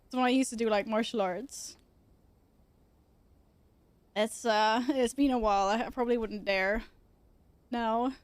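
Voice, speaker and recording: High-voiced young woman, chatty streamer. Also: fairly even intonation, unhurried, long pauses, no echo. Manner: chatty, swears casually, coos at her cats. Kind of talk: casual chat. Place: home room at her computer.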